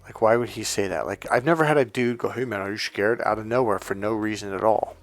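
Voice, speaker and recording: A man's voice: on the low side, fast, soft background music. A male dating and relationship coach telling stories in a casual, rambling monologue full of restarts and asides.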